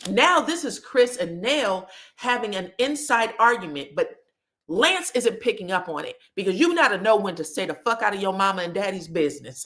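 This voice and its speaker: A woman hosting a gossip recap, storytelling with sass and plenty of swearing. Her pitch swings widely, rising and falling through each line. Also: moderate pace. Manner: animated, sassy, profane storytelling. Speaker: host. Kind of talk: reality TV recap commentary.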